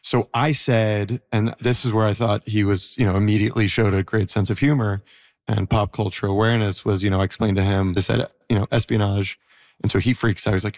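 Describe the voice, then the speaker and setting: A man in his thirties with a lowish voice speaks as an interview guest. He is reflective and halting, with plenty of fillers. The sound is dry and close, with almost no room around it. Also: fairly even intonation, darkish tone, no room sound. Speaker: interview guest, former prisoner. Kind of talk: conversational interview.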